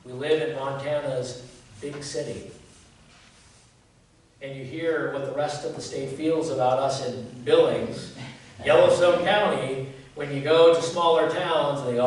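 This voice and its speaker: Folksy pastor preaching in an echoey church. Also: male voice, mid-range voice, normal speed. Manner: folksy, joking, asks the congregation rhetorical questions. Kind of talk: conversational sermon. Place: church sanctuary. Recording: very echoey church from a distance, faint noise.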